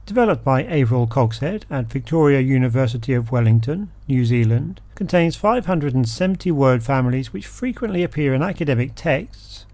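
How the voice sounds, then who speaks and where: A man hosting an educational podcast, reading a scripted explanation and a word list in a measured, steady way. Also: medium pitch, dry recording. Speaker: podcast host.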